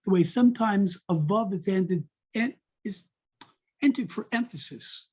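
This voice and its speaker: Slow, husky man teaching a text class. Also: high voice, expressive, darkish tone. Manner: reads Hebrew phrases then translates them. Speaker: Torah study teacher. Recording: dull lo-fi recording.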